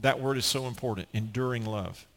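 A man's voice: medium pitch, brisk, in a large hall. A man preaching a sermon as pastor, earnest and emphatic, often restarting his phrases.

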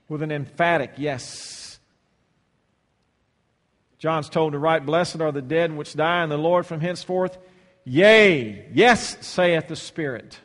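A man preaching a sermon, swinging between loud, stretched-out scripture reading and soft, low asides, often repeating words as he restarts. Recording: long hall reverb.

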